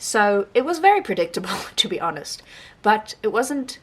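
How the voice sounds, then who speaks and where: A young woman book vlogger giving a casual, rambling monthly reading wrap-up, animated and laughing often. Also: medium pitch, moderate pace.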